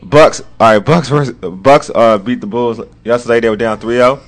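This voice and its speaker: At a moderate pace, a man hosts a relaxed sports talk show, lively and repetitive, occasionally dropping into low muttered remarks.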